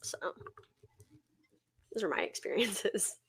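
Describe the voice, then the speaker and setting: A woman's voice: medium pitch, slow, vocal fry, husky. A young woman co-hosting a podcast, chatting casually and telling a long personal story with lots of "like" fillers. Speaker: podcast co-host. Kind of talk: casual chat.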